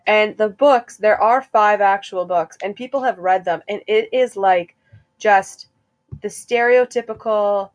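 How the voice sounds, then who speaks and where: A young woman co-hosting a casual chat, rambling and chatty with quick bursts of laughter. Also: medium pitch. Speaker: co-host.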